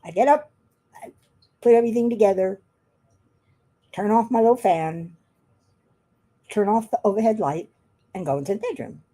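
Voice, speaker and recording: A woman's voice: mid-range voice, moderate pace, pauses often, mellow. A woman chatting casually while she works on a craft at home, rambling and laughing often. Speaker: craft vlogger.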